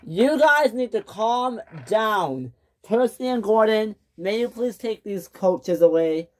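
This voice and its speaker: A woman's voice: on the high side, animated, takes it slowly, darkish tone, voice pushed up. A woman voicing a stern, fussy man in charge of the railway who gives exasperated orders. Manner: bossy, exasperated commands.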